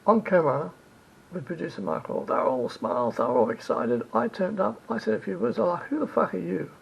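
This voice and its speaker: A man's voice: sing-song, a little fast, vocal fry, breathy edge. A man giving rambling travel advice in a vlog, repeating himself and correcting his words as he goes. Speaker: travel vlogger. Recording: dull lo-fi recording with faint rumble.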